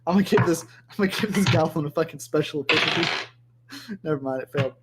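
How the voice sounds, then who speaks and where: A game master narrating a tabletop game on a stream, swearing freely and breaking off into quick jokes. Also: medium pitch, a little hiss or hum.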